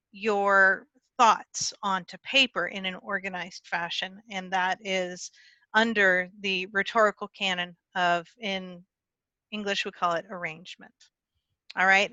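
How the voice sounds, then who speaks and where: Female conference speaker with a bright, close, dry voice. Explanatory and a bit self-correcting. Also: medium pitch, dry recording. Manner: talks with her hands. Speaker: conference speaker teaching writing. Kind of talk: conference talk.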